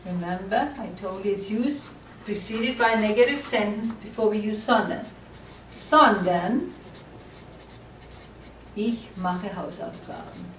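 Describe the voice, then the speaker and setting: A woman teaching a German class, explaining slowly and patiently and often checking that the students follow. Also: mid-range voice, background noise. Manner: slow, patient explaining with frequent check-ins. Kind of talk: classroom lecture at a board. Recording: echoey room, voice from far off.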